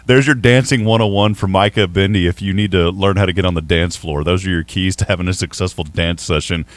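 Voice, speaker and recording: Southern guy hosting sports radio, kinda low voice, rambles and teases, dry studio mic. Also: fairly even intonation, fairly quick, no room sound. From Texas. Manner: chatty, rambling, playful ribbing. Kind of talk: casual sports talk.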